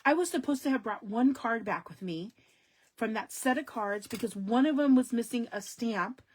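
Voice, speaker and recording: A woman's voice: on the high side, expressive, moderate pace. Chatty woman hosting a crafting live stream. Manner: talks straight to viewers, venting with sudden loud exclamations and hushed asides. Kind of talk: casual live-stream chat.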